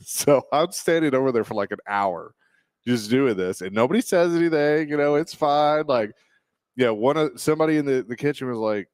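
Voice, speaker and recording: A man's voice: medium pitch, moderate pace, clean tone, no echo, clean studio sound. Rambling male radio host telling a story. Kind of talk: casual sports radio banter. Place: radio studio. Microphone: studio microphone.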